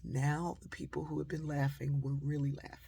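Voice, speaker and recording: A woman giving a storytelling talk, animated and acting out the dialogue she quotes. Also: low voice, a little fast, vocal fry, husky. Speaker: motivational speaker.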